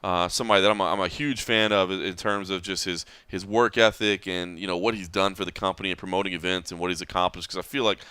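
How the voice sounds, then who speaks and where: A man's voice: low-pitched, fairly even intonation, fast talker, few pauses, pushed and bright, smooth, no echo. A man hosting a podcast, chatting casually and laughing as he wanders between points. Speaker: podcast host.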